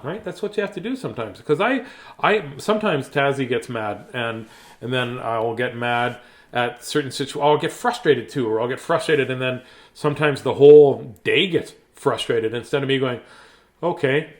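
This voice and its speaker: A man hosting a bedtime story show, chatting in a playful, rambling way with silly asides. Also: on the high side. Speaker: storybook reader and host. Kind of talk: casual bedtime story chat.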